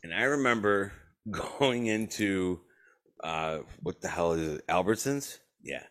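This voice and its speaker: A man's voice: sits low, animated, a little slow, fairly bright tone. A man hosting a podcast, telling a story in a casual chat, swearing a lot, laughing often and acting out the voices of people he quotes. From western New York. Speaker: podcast host. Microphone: remote call.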